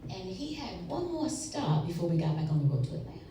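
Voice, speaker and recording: A woman's voice: fairly low pitch, fast, recorded from a distance. A woman storyteller telling a humorous family story at a live story slam, with audience laughter. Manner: animated, humorous, acts out voices. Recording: echoey live stage from afar. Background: audience laughter and room noise.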